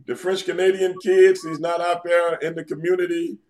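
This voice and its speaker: A man's voice: high voice, flat delivery, normal speed, darkish tone. A man from New York City, a guest on a casual podcast interview, talking in a laid-back, teasing way and quizzing the hosts. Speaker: guest, former pro wrestler.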